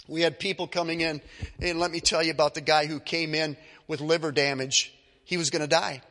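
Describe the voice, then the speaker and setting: A man preaching a sermon as pastor, telling stories with animated delivery and acting out the voices of the people in them. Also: on the high side, big-room sound. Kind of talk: sermon with storytelling.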